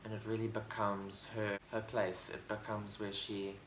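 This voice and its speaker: A book vlogger with a lowish, slightly bright voice and completely flat delivery talks at a moderate pace about his favorite books. His casual review chat is rambling and enthusiastic, stumbling through fillers and restarts, in an echoey room with a faint hiss underneath.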